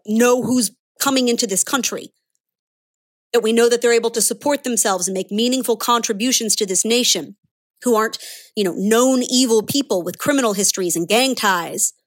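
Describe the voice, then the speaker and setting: A woman delivering a sarcastic, indignant political opinion monologue as a commentator. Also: fairly high pitch.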